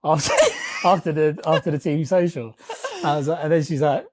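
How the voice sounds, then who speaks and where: A man's voice: fairly high pitch, moderate pace. Laughing man telling stories. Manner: animated storyteller, laughs often, swears casually. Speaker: podcast co-host. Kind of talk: casual storytelling chat.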